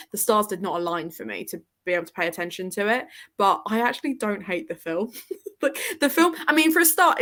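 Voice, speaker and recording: A woman's voice: medium pitch, fairly bright tone. A woman hosting a livestream, chatting casually about books and films and laughing often. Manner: chatty, laughs often, reads out viewer comments. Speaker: livestream host. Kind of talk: casual chat.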